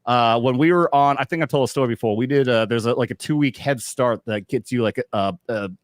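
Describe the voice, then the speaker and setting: A man's voice: medium pitch, fast talker, dry recording. A man in his thirties, an army veteran hosting a casual chat show, talking crudely and joking with frequent laughter. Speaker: podcast host, veteran.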